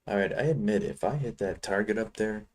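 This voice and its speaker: A man's voice: lowish voice, brisk. A man from Chicago talking casually to his viewers while trading futures, rambling between trades. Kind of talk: casual live-trading commentary.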